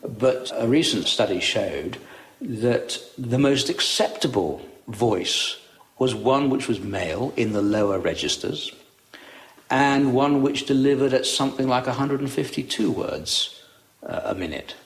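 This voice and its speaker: A man's voice: mid-range voice, expressive, a little slow, poor audio. A man speaking as a guest, giving informative, matter-of-fact explanations.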